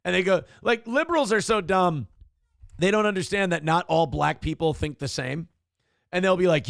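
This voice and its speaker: A man's voice: on the high side, expressive, normal speed, gravelly, long pauses, no echo, studio quality. A man hosting a casual live-stream talk show, reading donations and ranting with mocking impressions. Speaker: host.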